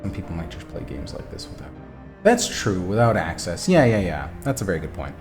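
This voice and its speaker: A man streaming a text adventure, reading the story aloud and talking back to his chat, animated and quick to swear. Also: sits low, music in the background. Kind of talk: reading a game aloud and chatting with viewers.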